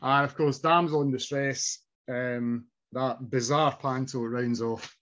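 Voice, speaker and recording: A man's voice: mid-range voice, steady tone, slow, a bit bright, highs cut off. A middle-aged man hosting a casual nostalgic podcast chat, reminiscing and laughing often. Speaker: podcast host.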